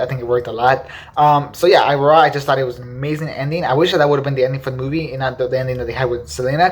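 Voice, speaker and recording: A man chatting about movie scenes at a quick clip, full of fillers and excited repetition. His voice sits at an ordinary middle pitch, and his review is loose, unscripted and eager. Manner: enthusiastic, filler-heavy, repeats "really, really". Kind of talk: casual spoken film review.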